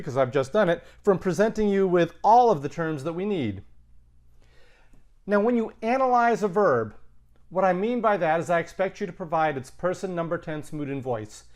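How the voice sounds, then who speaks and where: A middle-aged man teaching a recorded Latin grammar lesson, conversational and emphatic with punchy asides. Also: high voice.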